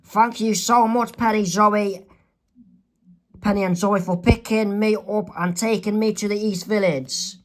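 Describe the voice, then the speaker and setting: A man's voice: high-pitched, fairly even intonation, measured pace, voice pushed up. Man als een vriendelijk tienermeisje. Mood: friendly. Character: Wendy, friendly teen girl.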